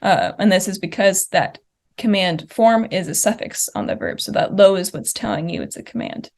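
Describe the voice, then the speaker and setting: A woman's voice: mid-range voice, lively intonation, normal speed, vocal fry, a little mellow. Woman giving a linguistics conference talk. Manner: explanatory, walks through slide examples; uses fillers like uh and um. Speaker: linguist presenting research. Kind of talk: conference presentation.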